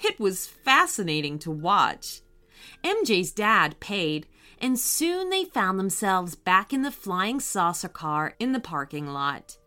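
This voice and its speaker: A woman narrating a children's story in a gentle, expressive read-aloud way. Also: medium pitch, takes it slowly, faint music behind.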